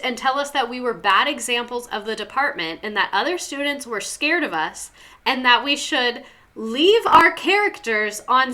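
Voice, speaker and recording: A woman's voice: on the high side, sharp tone. A young woman hosting a casual livestream, chatty and rambling as she reads viewer stories and talks back to the chat. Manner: chatty, rambling, lots of "like" and laughs.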